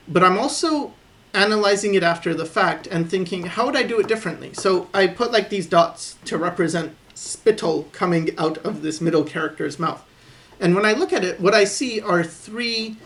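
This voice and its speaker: A man recording a voice-over as he sketches, calmly thinking aloud about his drawing habits and encouraging viewers to keep practicing. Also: high voice. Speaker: artist teaching drawing. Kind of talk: voice-over commentary while sketching.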